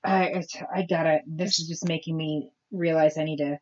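A woman's voice: deep voice, flat delivery, moderate pace. Casting note: woman co-host, a parent, thinks aloud, trails off, swears, muffled lo-fi audio. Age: parent of children, adult. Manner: reflective, babbling, swears. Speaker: podcast co-host. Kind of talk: casual chat. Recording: dull lo-fi podcast audio.

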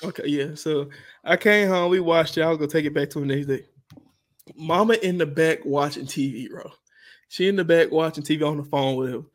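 A young man co-hosting a podcast in casual chat, an animated storyteller who acts out voices and laughs a lot. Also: fairly high pitch, fairly quick. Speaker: podcast co-host.

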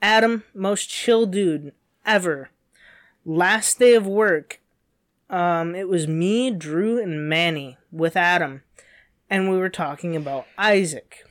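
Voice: medium pitch, takes it slowly, fairly bright tone. A young adult co-host telling a story in casual chat, rambling with many fillers and restarts.

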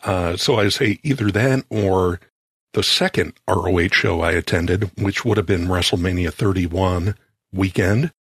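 A man's voice: low voice, breathy edge, dry recording. A man co-hosting a casual podcast, speaking hesitantly with many restarts. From California. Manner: halting, soft-spoken, lots of restarts. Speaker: show producer and co-host.

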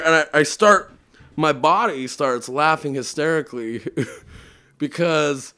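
Animated man telling a story. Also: on the high side, clear, resonant tone. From Utah. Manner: animated, laughs often, many fillers. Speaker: podcast guest. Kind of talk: casual storytelling.

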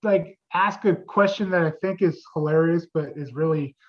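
A man in his fifties with a high voice spins animated stories in a casual chat. He laughs through his anecdotes and acts out other people's lines. The recording is dull and lo-fi. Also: normal speed. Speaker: convention-going guest telling stories.

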